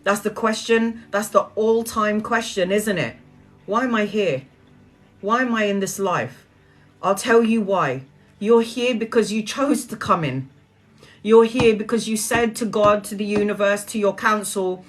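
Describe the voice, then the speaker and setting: A woman's voice: mid-range voice, unhurried. A woman talks to her viewers about spirit and the present moment. She is earnest and a little preachy, with easy laughs between her points. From Brazilian heritage. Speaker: spiritual speaker. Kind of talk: casual spiritual talk to viewers.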